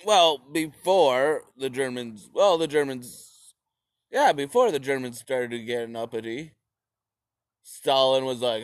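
A man's voice: medium pitch, slow, no echo. A man giving a rambling, profane, jokey retelling of history, slipping into silly voices. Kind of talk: profane comic history rant.

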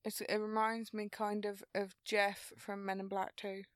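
A woman's voice: mid-range voice, completely flat delivery, measured pace, smooth, no room sound, clean studio sound. A woman co-hosting a podcast, cutting in with teasing jokes in casual banter. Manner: teasing, joking interjections. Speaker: podcast co-host.

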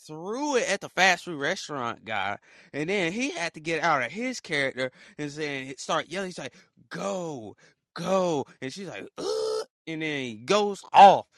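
A young man hosting a casual podcast, telling stories in an animated, slangy, excitable way. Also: on the high side, normal speed, dry recording, studio quality. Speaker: podcast host. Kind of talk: casual commentary.

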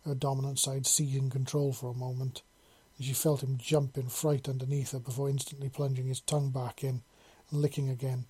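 Man, story narrator, measured delivery, warm tone, slightly husky. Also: mid-range voice, little pitch movement. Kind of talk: narrating an adult fantasy story.

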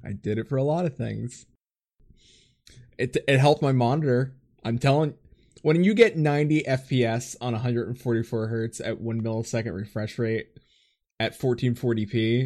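A man's voice: medium pitch, darkish tone. A young man hosting a podcast in casual chat, joking and laughing often. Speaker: podcast host.

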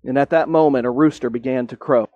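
A man preaching a sermon as a pastor, earnest, rising on key points and slowing down to stress them. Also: mid-range voice, fairly even intonation, dry recording, dull audio.

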